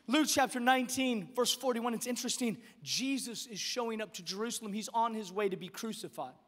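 A man preaching a sermon as pastor, impassioned, dropping to a hush and then rising to shouts, with quick repeated words. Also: very high voice, in a large hall. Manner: impassioned preaching, swinging between hushed and shouted.

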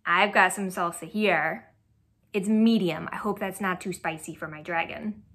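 A woman's voice: lowish voice, moderate pace, slight background noise. A young woman reading a picture book aloud to children and asking them questions as she goes. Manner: animated, asks children questions. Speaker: children's storyteller.

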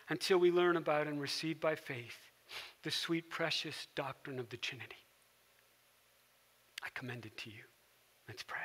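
A male pastor delivers a sermon in a high, sharp, bright voice. He tells it like a story and sinks into a gentle hush at quiet moments. His voice rings with the long reverb of a church hall. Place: church sanctuary.

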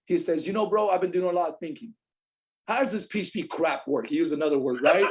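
A young adult man telling a lively story as a podcast guest, acting out what others said. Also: fairly high pitch, fast talker. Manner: animated storyteller, acts out quotes. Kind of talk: storytelling in casual chat.

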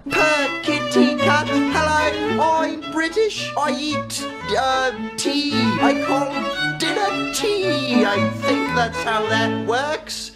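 A man voicing a chirpy, exaggerated British man in a high, theatrical put-on accent. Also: drawn-out words, loud music behind the voice, full character voice. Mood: silly.

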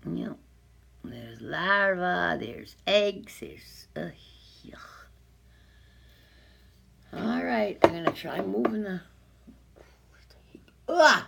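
A woman's voice: on the low side, animated, extremely slow, creaky, pauses often, a bit bright, slight background noise. A woman filming herself and talking to unseen doubters in an agitated, sarcastic way, dropping to whispers and then rising to angry outbursts. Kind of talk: rambling self-recorded monologue.

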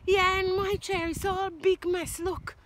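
A woman voicing a small upset baby bear in a storybook, whining in a high, loud voice. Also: little pitch movement, unhurried, slight background noise.

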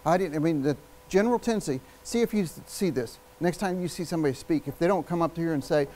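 A man giving a live public speaking workshop, energetic and emphatic, shifting his speed and volume and using long pauses. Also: on the high side, a little hiss or hum, poor audio. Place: workshop room with an audience.

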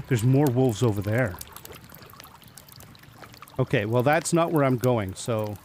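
A man's voice: medium pitch, animated, slow, darkish tone, slight background noise. A man giving casual gameplay commentary, chatting to the animals he meets and laughing often as he plays. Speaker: gaming video host.

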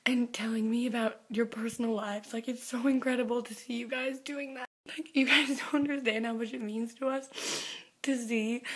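A young woman singer who has just been crying, talking earnestly to her fans, often dropping into a whisper. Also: high voice. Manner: earnest, breathy, drops to whispers, many "like"s. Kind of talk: emotional vlog address to fans.

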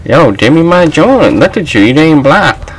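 Excitable young man yelling over gameplay. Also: a little high, moderate pace, breathy edge, rough recording. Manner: excitable, trash-talking, yelling at teammates. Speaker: gaming channel host. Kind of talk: live gameplay commentary.

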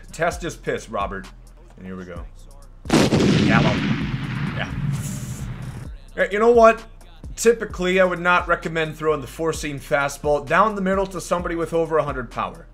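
A man with a slightly high voice hosts his own gaming channel, riffing through his gameplay with dry, sarcastic jokes. He rambles casually and breaks into loud shouts at big plays. Faint music plays behind him. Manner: joking, sarcastic, rambling asides. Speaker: YouTube gaming host.

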